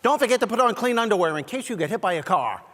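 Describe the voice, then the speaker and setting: A man putting on his exasperated, nagging mother in a shrill, scolding voice. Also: very animated, fast talker, fairly bright tone, big-room sound, heavily acted. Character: exasperated nagging mother yelling through the house.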